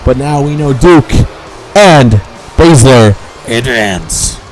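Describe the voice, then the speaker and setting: A man giving casual, rambling play-by-play for a wrestling video game, excitable and quick to correct himself. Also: mid-range voice, soft background music, low-quality recording. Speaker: game commentator.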